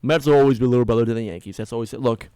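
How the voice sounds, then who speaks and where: A young man hosting a sports podcast, ranting in a heated, exasperated way, loud one moment and muttering the next. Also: medium pitch, racing, smooth, no echo, clean studio sound. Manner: heated, exasperated, swings between loud complaints and mumbling asides. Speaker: podcast host. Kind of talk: casual sports rant. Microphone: headphones on, close mic.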